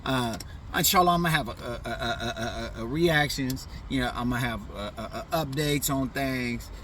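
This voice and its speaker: A man's voice: medium pitch, normal speed, a bit bright, recorded from a distance, slight background noise. A middle-aged man casually telling a funny childhood story in loose, profane slang, often tossing in "you know what I'm saying.". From US Pacific Northwest. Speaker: vlogger.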